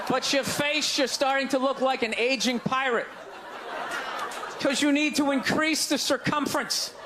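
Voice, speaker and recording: A very high-pitched comedian does a stand-up set over background noise, loudly ranting and needling the audience with sarcasm.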